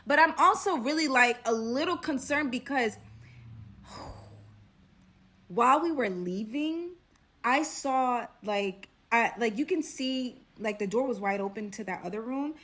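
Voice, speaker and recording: A young woman from Brooklyn with a Brooklyn accent tells a personal story in a casual storytime style. She is animated and drops to a hushed tone for suspense. Her voice sits a little high. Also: unhurried. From Brooklyn, New York.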